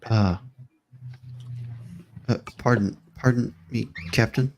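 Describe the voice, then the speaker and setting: A man voicing a towering male adventurer in a live tabletop game who talks in a formal, apologetic way. The voice is gravelly and sits in a middle pitch. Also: steady tone, takes it slowly, darkish tone, muffled recording, slight background noise. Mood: polite. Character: very tall polite male adventurer.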